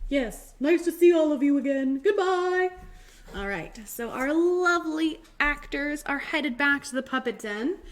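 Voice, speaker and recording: Woman, children's librarian, high lively storyteller. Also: measured pace. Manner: bright, animated, plays up the characters.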